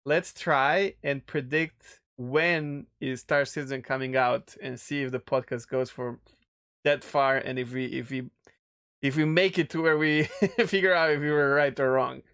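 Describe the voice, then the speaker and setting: A man's voice: mid-range voice, a little slow, a bit bright, smooth. A man co-hosting a casual gaming podcast, rambling and enthusiastic, laughing often. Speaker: podcast co-host. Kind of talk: casual chat.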